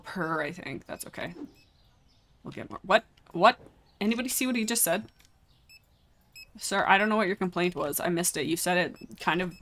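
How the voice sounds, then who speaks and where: A woman's voice: fairly low pitch, fairly bright tone. A young adult woman chatting casually through a live game stream, exclaiming often and talking straight to her viewers.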